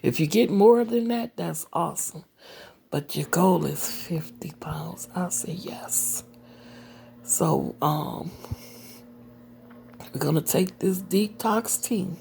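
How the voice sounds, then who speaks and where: A woman's voice: lowish voice, slow pace, creaky, pauses often, dark tone, slight background noise. A woman in her late forties talking casually to her viewers in a personal vlog, rambling with many fillers and dropping into whispered asides. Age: 40s. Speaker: vlogger.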